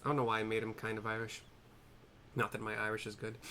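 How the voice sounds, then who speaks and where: A man's voice: fairly low pitch, monotone, fast, pushed and bright, a little hiss or hum. A man casually narrating a game playthrough and describing scenes aloud, chatty and rambling, often correcting himself. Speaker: gameplay narrator.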